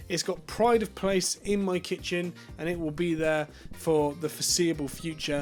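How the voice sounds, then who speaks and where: A chatty English man with a notably high-pitched voice runs through a casual product review. He talks informally, peppering his points with filler words, while soft music plays quietly underneath. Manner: chatty, sort-of fillers, informal British phrasing. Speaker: tech reviewer.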